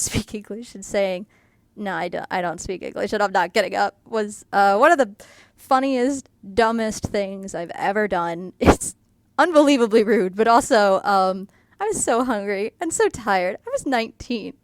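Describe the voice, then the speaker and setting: Woman, American, chatty storytelling, smooth clear voice, dry close sound. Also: medium pitch, no room sound. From United States. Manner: chatty, rambling with many fillers, laughs through the telling. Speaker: artist vlogger. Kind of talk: casual storytelling.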